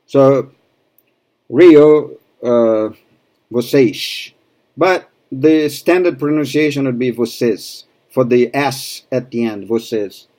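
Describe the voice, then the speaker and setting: A Brazilian man from Rio de Janeiro, a native Portuguese speaker, gives a Portuguese lesson in English and patiently repeats words for practice. His voice is medium-pitched and mellow, and he takes things slowly.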